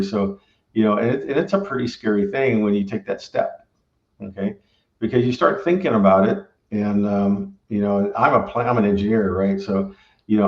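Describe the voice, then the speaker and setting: Man, middle-aged, low voice, rambling casual talk, frequent tag questions, roomy dull recording. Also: creaky. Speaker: barbecue restaurant owner and former engineer. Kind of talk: casual conversational storytelling.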